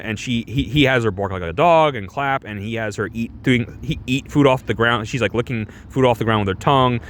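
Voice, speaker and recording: A young man with a medium-pitched voice reviews a movie on a stream in a casual, sarcastic way. He keeps restarting his sentences and tossing out rhetorical questions.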